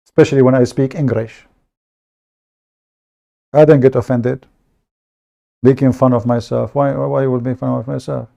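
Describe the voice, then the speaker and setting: Arabic-accented guy hosting a stream, dark mellow voice, blunt and joking about himself, repeats words a lot. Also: medium pitch, fairly even intonation, normal speed, creaky, pauses often, highs cut off. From Middle East. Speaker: online debate show host. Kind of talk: casual livestream monologue.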